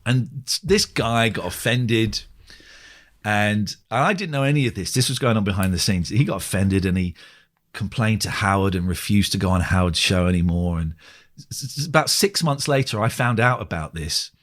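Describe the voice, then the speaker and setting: A man, a radio presenter, telling stories in a casual interview, animated and swearing freely as he acts out what he said. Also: fairly low pitch, moderate pace. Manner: animated storyteller who acts out his own quoted lines, swears freely.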